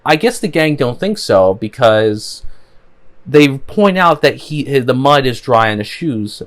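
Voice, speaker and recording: A man casually recapping a cartoon episode, rambling with frequent fillers and restarts. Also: on the low side. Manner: rambling, many "you know" fillers. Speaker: show reviewer.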